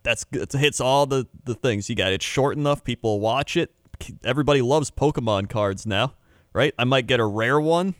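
A man's voice: medium pitch, moderate pace, dry recording, clean studio sound. A man, a content creator, chatting casually in a laid-back, jokey way. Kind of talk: casual chat.

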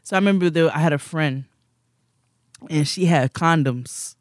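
A young man, a podcast co-host, telling rambling, animated stories in casual chat and laughing often. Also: fairly high pitch, normal speed, no echo, clean studio sound.

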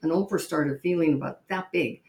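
A woman hosting a podcast, telling stories in a lively way and acting out the voices of the people she quotes. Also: low voice, moderate pace, reverberant. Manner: lively storyteller who acts out quoted voices. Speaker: podcast host. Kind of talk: storytelling monologue.

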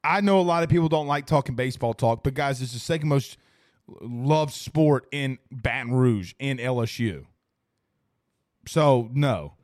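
A man's voice: mid-range voice, animated, unhurried, darkish tone, dry recording, clean studio sound. A man hosting a casual sports talk livestream, reading chat comments and rambling emphatically with repeated phrases. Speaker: host reading live chat. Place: studio.

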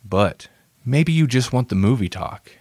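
A man's voice: mid-range voice, lively intonation, unhurried, darkish tone, husky, no room sound, clean studio sound. A man hosting a podcast in casual chat, joking and rambling with frequent laughs. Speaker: podcast host.

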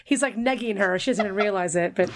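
A woman co-hosting, tossing in quick teasing jokes at a medium pitch. A faint noise sits under her voice. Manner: jokey and teasing. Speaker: podcast co-host. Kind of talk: casual chat.

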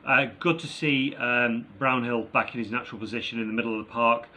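A man's voice: medium pitch, steady tone, fairly quick, sharp tone. A man co-hosting a casual football chat, reviewing a match in an upbeat, chatty way with plenty of fillers. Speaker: football podcast co-host.

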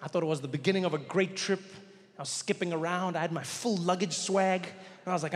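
A man doing stand-up comedy on a theater stage, telling a story with animated delivery and acting out characters. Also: high-pitched, fast. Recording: live hall reverb, faint ambience.

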